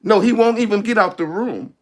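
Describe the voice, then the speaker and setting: A male preacher, telling a story in an animated sermon, laughing and shouting at peaks. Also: sits high, fairly quick.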